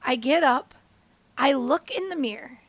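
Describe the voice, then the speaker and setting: A woman in her thirties hosting a podcast, telling a personal story as a motivational monologue and acting out the quotes with big jumps in pitch. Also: animated, measured pace, dry recording. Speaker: podcast host.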